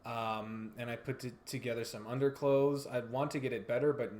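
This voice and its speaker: A man's voice: mid-range voice, little pitch movement, moderate pace, darkish tone. A young man co-hosting a podcast, chatting casually, joking around and swearing freely. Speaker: podcast co-host. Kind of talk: casual chat.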